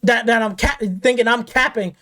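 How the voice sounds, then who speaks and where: A woman's voice: a little high, normal speed, a bit bright. A woman hosting a gaming channel, ranting off the cuff in a heated, profane way, repeating herself and firing rhetorical questions. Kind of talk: angry off-the-cuff rant.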